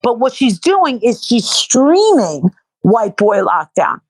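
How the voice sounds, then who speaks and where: Fairly high and sing-song, her voice takes things slowly as she chats casually as an interview guest, sore and tired from protesting. She speaks bluntly and profanely and repeats herself in bursts. There's no room sound, but the recording quality is low.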